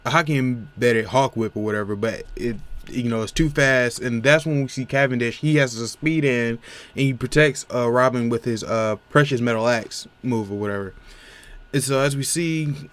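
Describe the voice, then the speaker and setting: A man's voice: medium pitch, moderate pace. A man giving a casual, rambling recap of a comic chapter, full of fillers and restarts. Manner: rambling, many fillers like "you know what I'm saying". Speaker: manga reviewer.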